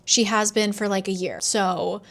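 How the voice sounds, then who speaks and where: A woman talking through a book's plot in a loose, chatty way. She is sarcastic, throws in quick asides and swears now and then. She slips into the characters' lines as she goes. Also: medium pitch, little pitch movement, gravelly, fairly bright tone. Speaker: book reviewer. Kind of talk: casual book plot recap.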